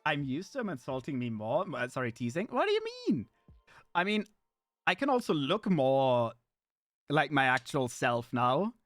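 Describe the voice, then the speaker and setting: A man streaming live in casual chat, playful and animated, jumping from excited squeals to low mutters. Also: normal speed, no echo, faint music behind.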